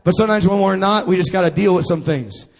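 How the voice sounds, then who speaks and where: A man's voice: high voice, fast talker, creaky. A man preaching a sermon to his congregation, calling for responses and repeating his phrases. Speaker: pastor.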